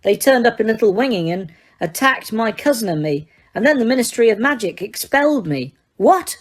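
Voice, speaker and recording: A woman's voice: on the high side, lively intonation, moderate pace, voice pushed up. A woman voicing a determined teenage boy who presses insistently for answers.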